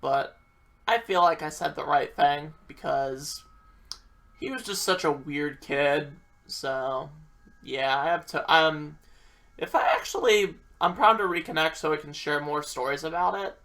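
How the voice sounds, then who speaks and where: A man's voice: on the high side, a little slow, fairly bright tone. A young man telling a rambling, profane storytime about his school days and acting out what people said. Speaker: vlogger.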